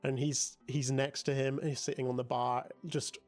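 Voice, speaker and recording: A man running a tabletop game as game master, narrating casually with many fillers, with soft music behind. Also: mid-range voice, little pitch movement, normal speed.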